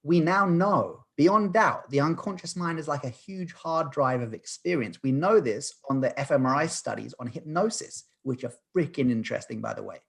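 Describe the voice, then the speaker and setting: A man in his thirties, a podcast guest, telling a personal story in an earnest, animated way with frequent restarts. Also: on the high side, moderate pace, vocal fry, few pauses, slightly rough. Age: 30s. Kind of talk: storytelling in conversation.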